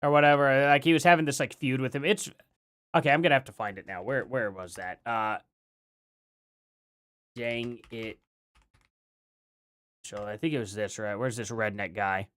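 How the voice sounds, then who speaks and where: A man's voice: mid-range voice, brisk, fairly bright tone, clear, resonant tone. A man live streaming casual commentary, rambling with lots of fillers and chuckles.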